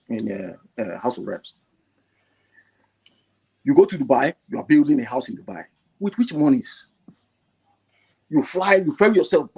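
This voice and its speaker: A man on an online call, talking with deep emotion and stumbling over repeated words. His husky voice sits fairly high and swings widely in pitch as he presses his point, climbing toward shouts. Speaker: caller. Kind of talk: impassioned call-in commentary.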